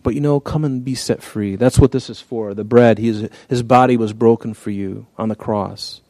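Earnest man preaching, mellow dry voice. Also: mid-range voice, steady tone, normal speed, no echo. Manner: conversational, earnest, repeats and restarts phrases. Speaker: pastor. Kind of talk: sermon with scripture reading.

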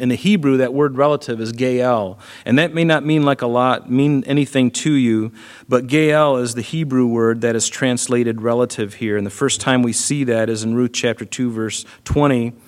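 Guy preaching a sermon, earnest and chatty, lots of you-knows, mid pitch voice. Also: fairly even intonation, moderate pace. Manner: earnest, conversational preaching with frequent fillers. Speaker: pastor.

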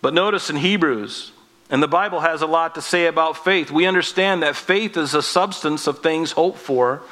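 A man's voice: a little high, normal speed, bright, forceful tone. A man preaching a sermon in an earnest, conversational way, often asking his listeners rhetorical questions.

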